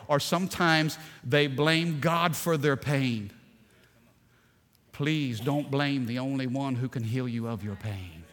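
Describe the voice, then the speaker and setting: A male pastor preaching a sermon, animated and emphatic, often rising in force. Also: mid-range voice, a little slow, in a large hall.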